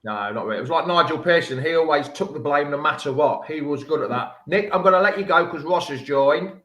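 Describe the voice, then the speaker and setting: A man's voice: a little high, a little fast, a bit bright, lo-fi sound. A man hosting a casual fan chat show, ribbing his guests as he talks. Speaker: host. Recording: echoey room.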